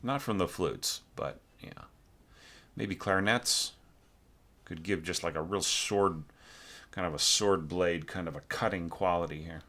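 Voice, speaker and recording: A man with a very low voice goes through a student's score in a loose, thinking-aloud way. He stumbles and corrects himself often and sings melodic fragments on nonsense syllables to make his points. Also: measured pace, pushed and bright. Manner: frequent fillers and self-corrections. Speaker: orchestration teacher. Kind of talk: score critique.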